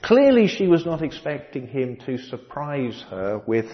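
Measured man preaching a sermon. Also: medium pitch, big pitch swings, in a large hall, lo-fi sound. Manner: measured, with frequent restarts and dry humor. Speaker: pastor.

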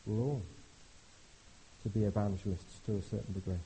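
Lively preacher with a husky voice. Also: male voice, lowish voice, normal speed, low-quality recording. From Britain. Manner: animated, conversational, jumps between hushed and exclaiming. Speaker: visiting preacher. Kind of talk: sermon.

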